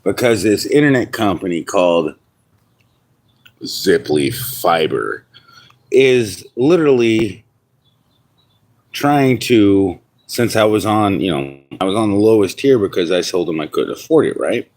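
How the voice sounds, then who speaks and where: Livestreamer, man from New York, lowish voice, rambling and profane, talks straight to chat. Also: expressive, unhurried, a little mellow. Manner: rambling, frequent restarts and swearing, chats to viewers. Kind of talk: casual live stream rant.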